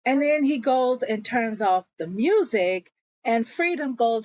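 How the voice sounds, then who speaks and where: A woman's voice: fairly high pitch, lively intonation, slow, mellow, dry recording, lo-fi sound. A woman casually recapping a TV episode, telling the story in a chatty way and slipping into the characters' quoted lines as she goes.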